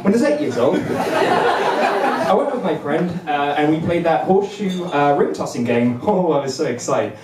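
High-voiced bumbling young comedian. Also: male voice, expressive, moderate pace, very noisy. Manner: bumbling, self-deprecating, chuckles between lines. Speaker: stand-up comedian. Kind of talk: stand-up comedy set. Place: comedy club stage. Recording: roomy venue, mic at a distance.

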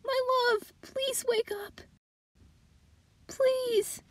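Woman voicing a high, frantic raptor mate. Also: lively intonation, slow, pushed and bright, heavily acted. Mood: pleading. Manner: pleading, tearful. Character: lovestruck female raptor, devoted to her mate. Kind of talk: fan dinosaur audio drama.

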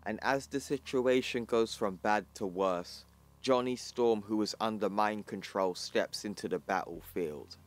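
A man hosting his channel, narrating a comic book story in plain, even storytelling and reading the characters' lines in his own voice. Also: on the low side, a little slow. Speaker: channel host.

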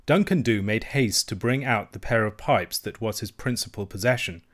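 A man narrating a classic novel as an audiobook reader, with steady, measured reading. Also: on the low side. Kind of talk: scripted narration.

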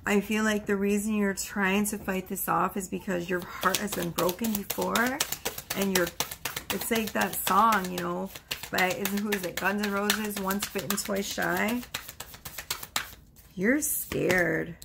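A woman's voice: medium pitch, fairly even intonation, unhurried, creaky, very noisy. A woman giving a casual tarot card reading, chatty and reassuring, with frequent exclamations. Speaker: tarot reader.

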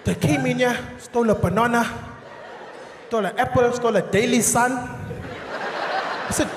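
A man's voice: very high voice, steady tone, a little slow, pauses often, noisy background. A South African man in his thirties performing stand-up comedy in a large theatre, acting out characters and laughing at his own jokes. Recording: roomy live theatre sound with audience.

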